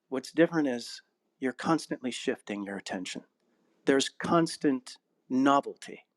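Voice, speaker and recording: A man who is an actor, narrator and acting coach, talking reflectively in an interview and telling stories with a laugh, slowing down on key phrases. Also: mid-range voice, no room sound. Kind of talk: casual interview conversation.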